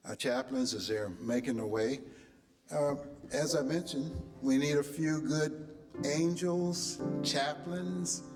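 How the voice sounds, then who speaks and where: Relaxed man making church announcements, reverberant. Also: a little high, takes it slowly, soft background music. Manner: relaxed, chatty, with frequent uh fillers. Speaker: service leader. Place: large church sanctuary.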